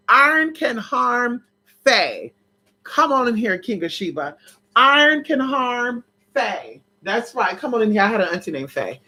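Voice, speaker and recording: Sassy, dramatic vlogger with a bright voice. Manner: sassy and dramatic, big swoops in pitch, laughs and shouts. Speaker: spiritual vlogger. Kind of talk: casual livestream chat.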